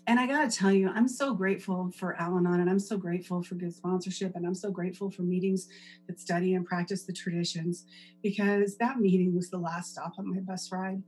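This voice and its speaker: A woman's voice: fairly low pitch, a little mellow, rough recording. A middle-aged woman giving a personal recovery share, conversational and rambling, with lots of fillers and restarts. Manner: rambling, wanders off on tangents. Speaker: recovery meeting speaker.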